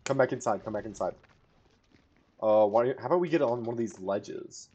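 A young man giving casual live commentary to a teammate while playing a battle royale game, rambling one moment and shouting callouts the next. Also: on the low side, normal speed, slightly rough. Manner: casual, rambling, bursts into excited shouting in fights. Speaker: gamer streamer.

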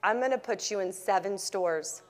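A woman voicing a composed female department store buyer, measured and decisive, in a conference hall. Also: medium pitch, natural voice. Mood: approving. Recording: faint audience noise.

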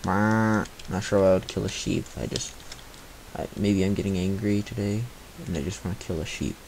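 A man's voice: low-pitched, fairly even intonation, normal speed, vocal fry, darkish tone, a little hiss or hum, low-quality recording. A man giving live gameplay commentary on a cheap microphone, mumbling and grumbling to himself with frustrated asides. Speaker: gaming commentator. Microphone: cheap replacement microphone.

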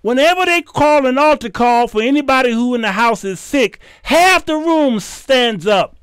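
A man's voice: very high-pitched, expressive, moderate pace, a bit bright, clean tone, dry recording. A man hosting his show, delivering a heated, preachy commentary rant that scolds his listeners and repeats phrases for emphasis. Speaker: host.

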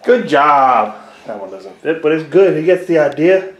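A young man filming a casual home vlog, talking to his baby sons indoors and slipping into high sing-song baby talk. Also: big pitch swings, moderate pace, echoey room. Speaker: vlogger and father.

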